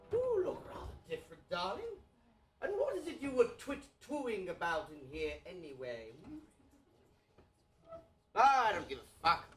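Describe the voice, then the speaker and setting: A man plays a hungover, foul-mouthed aristocratic king who blusters through a comedy audio play in a plummy drawl. His voice is high and swoops up and down a great deal, with faint music underneath. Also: fairly bright tone, full character voice.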